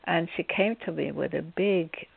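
A woman's voice: deep voice, normal speed, vocal fry, husky. A woman spiritual healer giving an inspirational talk, telling stories theatrically and with humor. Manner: theatrical, acts out scenes with humor. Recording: tinny phone-like, dry sound.

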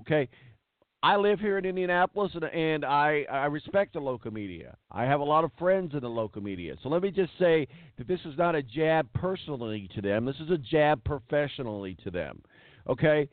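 A man's voice: on the high side, lively intonation, a little fast, no room sound. A man hosting a sports talk show, ranting bluntly and hammering words for emphasis. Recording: tinny phone-like dry sound.

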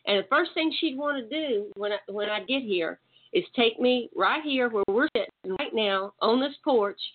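A woman guest speaking with a Southern drawl, telling stories in a relaxed, chatty way. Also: a little high, moderate pace. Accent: picked-up Southern drawl. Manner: relaxed storyteller. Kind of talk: casual chat. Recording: tinny phone-like line.

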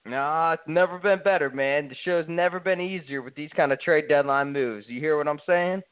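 Man, sports talk host, salesy, hyping picks, higher voice, tinny phone sound. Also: normal speed, clean tone, dry recording. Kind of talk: sports radio banter. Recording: tinny phone-like line, dry.

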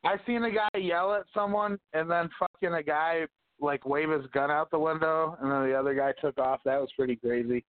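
A man's voice: fairly high pitch, a little fast, no room sound. A man co-hosting a casual podcast chat, telling profane, ranting stories and arguing. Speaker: podcast co-host. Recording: dry, phone-like tinny audio.

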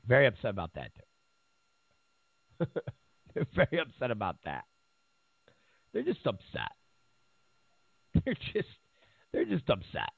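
Gravelly, mocking male commentator on a tinny line. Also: medium pitch, dry recording. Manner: mocking, repetitive, laughs at his own points. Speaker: political commentary host. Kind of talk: casual political commentary. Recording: tinny phone-like audio.

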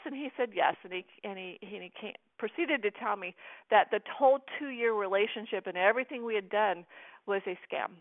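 A woman's voice: medium pitch, moderate pace, no echo. A middle-aged American woman telling a personal story as an interview guest, earnestly acting out the dialogue she quotes. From United States. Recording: tinny phone line.

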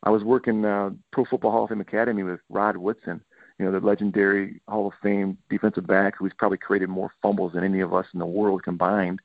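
A low, creaky voice at a quick pace belongs to a middle-aged man from Michigan who coaches football. In this podcast interview, heard over a dry, tinny phone-like line, he spins animated stories and acts out players' lines.

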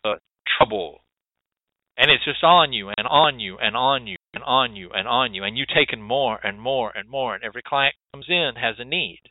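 A medium-pitched man at a moderate pace hosts a radio show about hoodoo rootwork, with no room sound on a tinny, dry, phone-like line. He's emphatic and preachy, curses frequently, and hammers the same points repeatedly.

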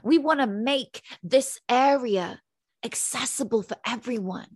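Motivational woman guest, upbeat and persuasive, bright higher register, dry sound. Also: a little slow, slightly rough, dry recording. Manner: energetic, motivational, preachy. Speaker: mindset coach guest. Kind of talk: interview.

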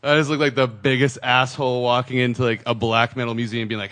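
Animated man telling a story. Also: medium pitch, fast. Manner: animated storyteller, acts out quoted voices. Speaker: podcast co-host. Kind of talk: casual chat.

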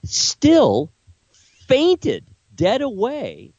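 A man's voice: very high-pitched, huge pitch swings, extremely slow, darkish tone, breathy edge, no echo, lo-fi sound. An older man, a grandfather, co-hosting a radio talk show, speaking earnestly and reflectively about a family loss. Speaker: co-host.

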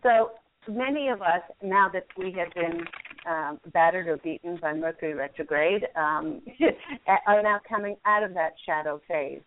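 A woman's voice: on the low side, unhurried. A woman hosting a call-in radio show, giving angel card readings in a soothing, encouraging way with frequent laughs. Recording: phone-like lo-fi line.

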